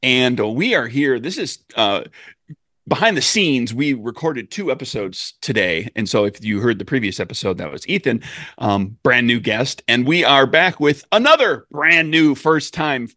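A man's voice: mid-range voice, lively intonation, moderate pace, bright, forceful tone, no room sound, studio quality. A man co-hosting a podcast in casual, rambling chat. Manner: rambling, with fillers and restarts. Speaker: podcast co-host.

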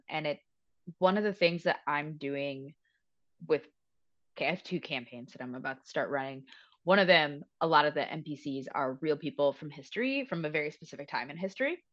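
A woman who teaches and runs tabletop campaigns, chatting casually and thinking aloud in a halting way. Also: sits low, a bit bright, no echo, highs cut off. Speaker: teacher and game master. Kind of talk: casual podcast chat.

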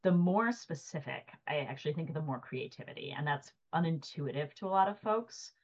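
A woman in a casual panel chat giving emphatic, animated advice on creativity, peppered with "like". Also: deep voice, a little fast, muffled recording. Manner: emphatic, animated, says 'like' often.

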